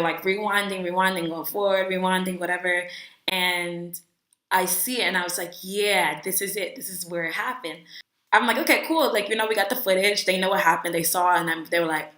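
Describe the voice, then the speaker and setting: A young woman with a slightly low voice tells a storytime in a chatty, animated way, with "like" filling her sentences. Her voice bounces off the walls of an echoey room. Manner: animated, chatty, many "like" fillers, acts out quotes. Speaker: vlogger telling a travel story. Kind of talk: casual storytime.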